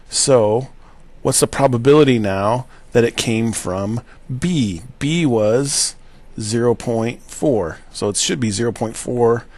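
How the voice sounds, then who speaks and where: A math teacher with a lowish voice works through probability problems out loud, thinking as he goes with fillers and self-corrections and checking in with "right?"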